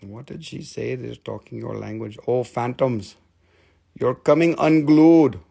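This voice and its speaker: Gravelly, joking man selling crystals live. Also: medium pitch, unhurried, dark tone. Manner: chatty, joking, self-mocking, rambling. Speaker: live stream crystal seller. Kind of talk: casual live sales stream banter.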